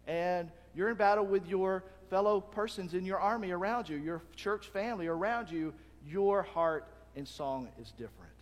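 Male pastor, sermon, animated delivery, somewhat high voice, church-hall reverb. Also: slight background noise. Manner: animated, acts out crowd shouts.

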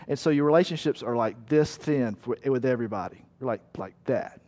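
A man's voice: medium pitch, a little fast, darkish tone. A man preaching a sermon in a church hall, earnest and emphatic, telling a story and repeating words for weight. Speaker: pastor. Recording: long hall reverb.

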